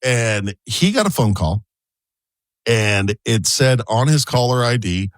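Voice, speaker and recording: A man's voice: mid-range voice, expressive, takes it slowly, no room sound. A man co-hosting a morning radio show, telling a story with lots of drama and acting out the people in it. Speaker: radio co-host. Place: radio studio.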